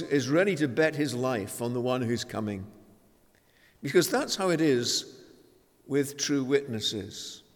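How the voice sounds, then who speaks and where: A man preaching a sermon in a measured, emphatic way, with dramatic pauses. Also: mid-range voice. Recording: long hall reverb.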